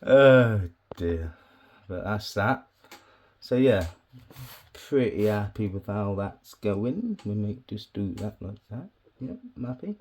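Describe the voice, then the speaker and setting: A man's voice: fairly low pitch, lively intonation, takes it slowly, a little mellow. A man chatting casually to the camera while wiring a bonsai, swearing often and talking to himself. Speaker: bonsai hobbyist vlogger. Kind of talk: casual chat while working.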